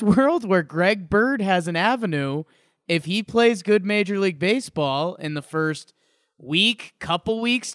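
Man, podcast co-host, excitable and jokey, smooth resonant voice, dry close sound. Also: sits high, no echo. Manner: excitable, joking. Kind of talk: casual sports podcast chat.

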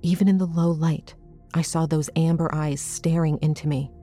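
A woman narrating a first-person horror story in a measured, suspenseful reading. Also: low-pitched, steady tone, warm tone, soft background music.

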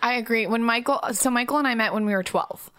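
A woman with a somewhat high voice co-hosts a podcast, teasing and nudging the guest along. Her voice is close and dry. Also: quick pace, a bit bright, no echo. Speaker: podcast co-host. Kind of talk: casual podcast banter.

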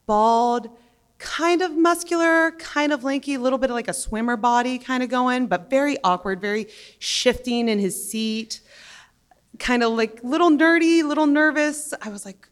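A brash, foul-mouthed woman spins a comic story with plenty of bounce. Her voice sits a little high for a woman. A long reverb trails behind every line, as if she is in a big hall. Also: normal speed. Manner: brash, profane, lively.

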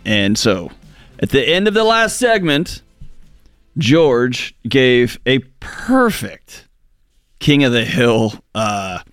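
A man's voice: medium pitch, very animated, slow, a bit bright, clear, resonant tone, dry recording, soft background music. A man co-hosting a radio advice show, playful and self-mocking in casual studio talk. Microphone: studio mic.

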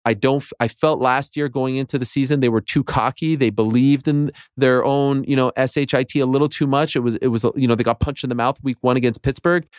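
A man's voice: medium pitch, fairly even intonation, a little fast, hardly any pauses, darkish tone, clean tone, dry recording, clean studio sound. A man in his late thirties, a podcast guest in casual sports chat, talking with passion and building into rants. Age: late 30s. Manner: passionate, rants with rising intensity.

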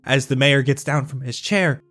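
A man narrating a tabletop game as game master. His voice sits at a middle pitch and his delivery stays steady. Soft music plays underneath. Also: moderate pace.

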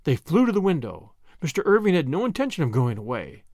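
A man's voice: a little high, huge pitch swings, brisk, a little mellow, dry recording, clean studio sound. A man narrating a classic story and hosting a podcast, reading expressively. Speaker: audiobook narrator and podcast host.

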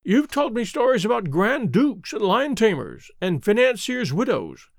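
A man's voice: high voice, sing-song, moderate pace, vocal fry, no room sound, studio quality, pitched above the performer's own voice, full character voice. A man reading aloud and voicing a bored, worldly baroness with an arch, languid manner.

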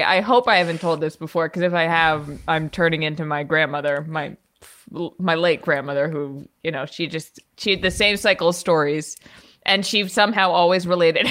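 Woman, young adult, podcast co-host, casual chat, animated storytelling. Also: on the low side. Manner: animated storyteller, acts out quoted voices.

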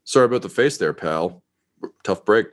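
A man voicing a gruff, brash woman war hero with a blunt, swaggering manner. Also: fairly low pitch, lively intonation, normal speed, close to an everyday voice. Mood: curt.

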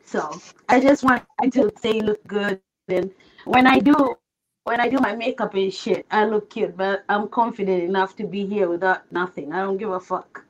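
A woman's voice: mid-range voice, fairly even intonation, moderate pace, rough recording. A woman originally from Africa calling in to a live show, chatty, confident and candid. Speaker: caller.

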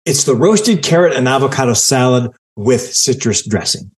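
A man hosting a podcast in casual chat, teasing and deadpan sarcastic. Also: mid-range voice, normal speed. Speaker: podcast host.

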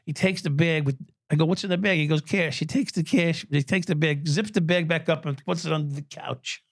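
A man's voice: on the high side, steady tone, a little fast, no echo, clean studio sound. A man in his sixties, a former police officer, telling stories as a podcast guest, swearing freely and laughing at his own tales. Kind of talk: profane storytelling in an interview.

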